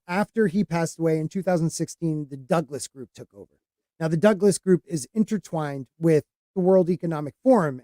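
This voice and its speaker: Rambling man, mellow voice, dry sound. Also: high voice, no room sound. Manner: rambling, halting with many fillers and restarts. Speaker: podcast host. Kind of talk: casual podcast chat.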